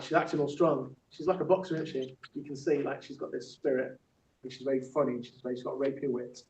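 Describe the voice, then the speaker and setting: A Yorkshire man with a medium-pitched, slightly mellow voice leads a theatre workshop, delivering punchy spoken word poetry and then talking it over with the group. Faint background noise sits under the dull, echoey recording, captured from a distance.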